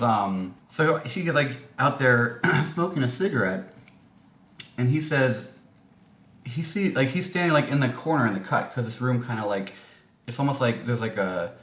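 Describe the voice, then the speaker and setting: A man with a somewhat bright, mid-range voice tells a story casually as a vlogger, rambling with lots of fillers and restarts. He's in an indoor room, and the recording is echoey with faint noise.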